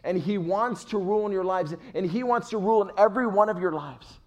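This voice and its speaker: A middle-aged male pastor preaching a sermon with emphatic swings between soft and loud delivery. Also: high voice, brisk.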